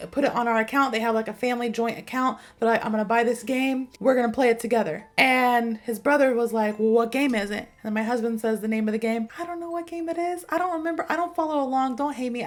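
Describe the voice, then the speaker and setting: A woman in her thirties teaches slang through a chatty personal story, slipping into the voices of the people she quotes. Her voice sits fairly high. Soft music plays faintly under her talk. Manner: chatty, animated, acts out quotes. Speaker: English teacher. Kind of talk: casual storytelling lesson.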